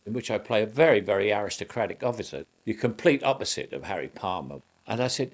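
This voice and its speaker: An older man looks back on his career in a relaxed interview. His voice is deep and unhurried. He circles back on his words, restarting phrases and chuckling as he goes. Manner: rambling recollection with frequent restarts and chuckles. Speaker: actor. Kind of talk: reminiscing interview.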